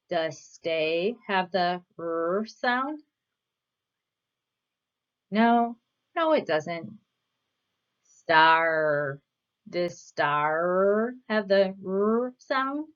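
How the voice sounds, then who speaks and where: A woman leads a children's reading lesson at a very slow, deliberate pace, pausing after each question. Her words are spaced out and clearly spoken. The recording sounds slightly dull and lo-fi. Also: medium pitch. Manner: patient, asks questions and pauses for answers. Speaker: reading teacher.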